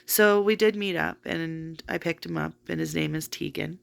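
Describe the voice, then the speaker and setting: A woman's voice: low voice, normal speed, vocal fry. A woman telling a long personal story in a casual vlog, rambling with many fillers. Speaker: vlogger.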